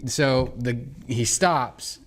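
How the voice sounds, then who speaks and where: In his twenties, this male podcast co-host tells a personal story casually and with animation, acting out the people involved. His pitch is medium and he draws out his words.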